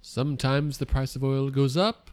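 A man's voice: medium pitch, fairly even intonation, normal speed, a little mellow, clean tone, no echo, lightly acted. Man putting on a pompous, formal pundit voice, mock-serious, dry close sound. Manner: mock-grand, formal put-on delivery.

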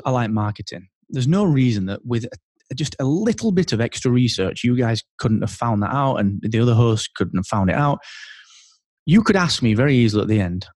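A man talking as a guest on an interview podcast, animated and thinking aloud with restarts. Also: mid-range voice, fairly quick, no room sound, clean studio sound. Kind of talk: casual interview chat.

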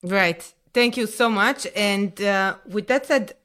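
A woman hosting an interview, asking thoughtful questions with a few hesitant pauses over a remote call. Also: medium pitch, fairly bright tone. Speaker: interview host.

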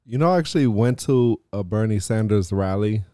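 A man with a low, mellow voice keeps a relaxed conversation going with brief questions and reactions. The sound is dry and close, with no room around it. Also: brisk, no echo. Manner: short interjections and questions. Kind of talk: casual chat.

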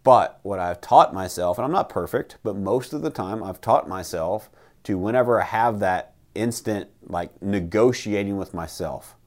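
A man's voice: lowish voice, normal speed. A man hosting a casual motivational talk, emphatic and blunt, who swears and keeps asking "right?".

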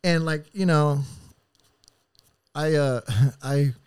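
A man telling rough stories as a podcast guest, casual and full of swearing, rambling and acting out what people said. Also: on the high side, fairly even intonation, extremely slow, darkish tone, dry recording. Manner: profane, rambling, acts out quotes. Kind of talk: casual storytelling.

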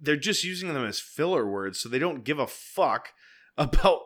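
A man's voice: on the high side, big pitch swings, moderate pace, a bit bright. A man in casual chat who explains things by breaking them down, often restarting his sentences.

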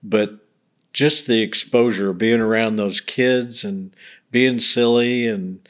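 A man's voice: fairly low pitch, fairly even intonation, slow pace. A middle-aged man, a bereaved father telling earnest stories in a casual interview and acting out the people he quotes. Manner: earnest, acts out quoted voices.

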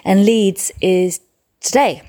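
A woman's voice: mid-range voice, takes it slowly, warm tone. A woman in her thirties from England, a comedian chatting casually and swearing freely in a vlog filmed on her phone. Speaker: comedian and vlogger. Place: home kitchen and seaside beach.

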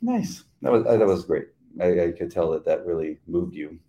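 A middle-aged man co-hosting a faith podcast, talking in casual chat with halting restarts and fillers. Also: deep voice, animated, mellow. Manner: halting, with frequent uh fillers and repeated words. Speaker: podcast co-host.

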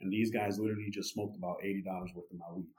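A young man casually telling a story as a podcast guest, animated and full of fillers like "you know" and "right". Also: deep voice, rapid-fire. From United States.

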